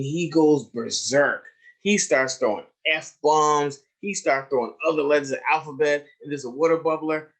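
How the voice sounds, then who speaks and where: A man with a voice of ordinary pitch gives a trauma lecture over a webinar. He tells stories emphatically, slowing and stretching key words, sinking to near-hushes and then lifting up, and keeps checking in with "right?". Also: breathy edge. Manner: emphatic storyteller, swings between hushed and raised, stretched phrases; addresses listeners directly with "right?" and "you see?". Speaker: trauma educator presenting a webinar.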